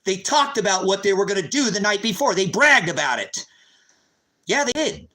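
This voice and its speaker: A man delivering an impassioned, agitated monologue to his viewers, calling them brothers and sisters, sometimes rising to a loud, high-pitched telling. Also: lively intonation, moderate pace, low-quality recording. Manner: grows loud and high when recounting the raid. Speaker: street preacher vlogger.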